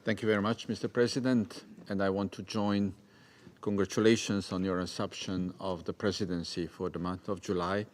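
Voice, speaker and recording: Low-voiced man making a formal council address. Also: little pitch movement, normal speed. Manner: formal, with hesitations. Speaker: delegate to the UN Security Council.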